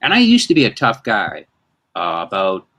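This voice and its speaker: A man's voice: lowish voice, huge pitch swings, moderate pace, bright, forceful tone. A man in his fifties, hosting a casual chat and telling rambling, self-mocking stories. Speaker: host.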